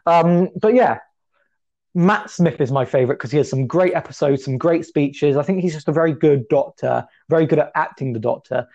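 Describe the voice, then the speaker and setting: Gravelly young man, chatty co-host. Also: moderate pace, highs cut off. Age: 20s. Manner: chatty, self-deprecating, lively pitch jumps. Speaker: podcast co-host. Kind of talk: casual chat.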